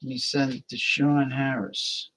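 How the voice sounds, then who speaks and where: A man hosts a casual live-stream talk show and speaks at an unhurried, drawn-out pace. He rambles and mutters half to himself as he invites guests. His voice sits at an ordinary middle pitch. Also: steady tone, a bit bright, a little hiss or hum, rough recording.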